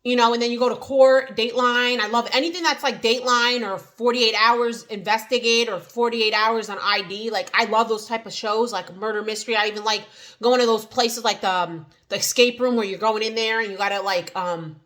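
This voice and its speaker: A woman's voice: fairly high pitch, fairly even intonation, brisk, a bit bright. A woman with a New Jersey accent chatting casually to the camera in an eat-and-chat vlog, rambling with many fillers and restarts. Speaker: vlogger.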